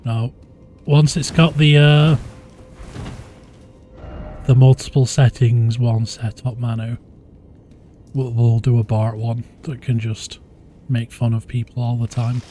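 Man, game streamer, unhurried casual chat, laughs easily, game music behind. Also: little pitch movement, warm tone. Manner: low-key, chatty, laughs easily. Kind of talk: casual live-stream chat while gaming.

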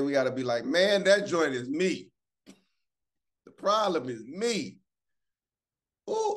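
A man hosting a casual morning devotional on a video call, lively and preachy, calling out to listeners by name. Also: medium pitch. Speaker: morning show host.

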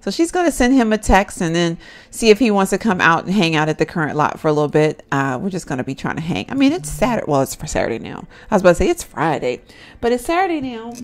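A young woman talks her way through a life-simulation game, chatty and easygoing. Her pitch swings widely, rising high when she laughs. She calls out to her viewers as y'all throughout. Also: sing-song, fast. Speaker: gameplay commentator. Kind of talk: casual let's-play commentary.

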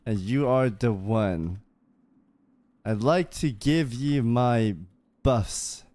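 A man putting on a gallant courtly suitor, wooing in slow, grand, formal phrases. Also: mid-range voice, darkish tone, dry recording, voice pushed down.

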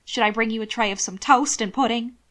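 A woman's voice: a little high, a little fast, close to an everyday voice. A woman voicing a cheery, eager young male valet in a read-aloud story. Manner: bright and cheery.

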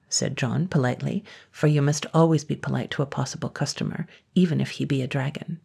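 A woman narrating a classic children's story in a measured way, dropping to a whisper in tense moments. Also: rumbling low, steady tone, vocal fry, dark tone, slightly rough.

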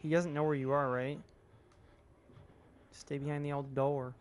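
A man's voice: fairly high pitch, little pitch movement, unhurried, a little hiss or hum. A man co-hosting a let's-play, giving teasing backseat advice to the player. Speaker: gaming co-host. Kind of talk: casual let's-play commentary.

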